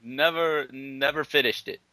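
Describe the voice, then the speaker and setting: A man's voice: mid-range voice, steady tone, a little slow, bright, forceful tone, dry recording. A man riffing on jokes in casual chat, laughing often. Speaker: podcast guest.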